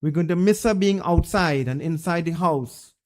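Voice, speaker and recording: A man's voice: on the high side, normal speed, darkish tone. A Trinidadian man, a Hindu pundit, giving a funeral eulogy and telling a religious story in a plain, conversational way.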